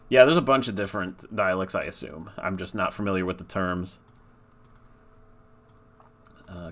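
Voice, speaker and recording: Laid-back low-voiced man talking through his game. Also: pushed and bright. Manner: laid-back, rambling, swears casually. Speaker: game developer streamer. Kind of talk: casual livestream commentary.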